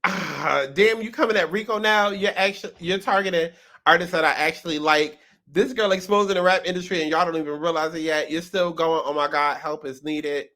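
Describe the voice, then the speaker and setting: High, bright-voiced sassy male host. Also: brisk. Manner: sassy, laughs often, repeats words for emphasis. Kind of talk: casual reaction commentary.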